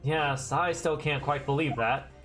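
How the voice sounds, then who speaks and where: A man's voice: fairly high pitch, unhurried, fairly bright tone. A man voicing a nervous young male student who stammers and gets flustered, over game music.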